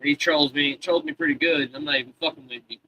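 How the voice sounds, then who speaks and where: Bright-voiced swearing male streamer. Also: fairly high pitch, fairly even intonation, quick pace, no echo, rough recording. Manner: profane, rambling, talks to chat. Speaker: live streamer. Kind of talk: casual live-stream chat.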